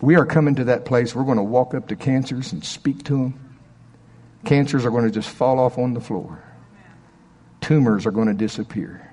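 A man's voice: medium pitch, moderate pace, warm tone, husky, big-room sound. Pastor preaching, middle aged man, talks like he's telling a story to the room, lots of "you know"s. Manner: conversational storytelling with asides and rhetorical questions. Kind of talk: sermon.

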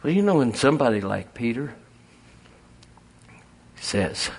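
A man preaching a folksy, animated sermon full of storytelling and chuckles. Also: mid-range voice, measured pace, vocal fry, breathy edge.

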